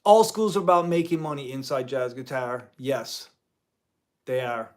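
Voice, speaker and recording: A man's voice: medium pitch, lively intonation, unhurried. A man who teaches music part-time, talking in a rambling vlog commentary with many restarts and mild euphemistic cursing.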